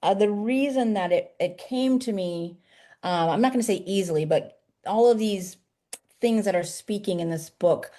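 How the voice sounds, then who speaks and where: A woman who writes poetry for children, chatting lively in an interview over a video call. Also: mid-range voice, normal speed. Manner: lively, chatty, laughs easily. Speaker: children's poet and author. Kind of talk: casual interview chat.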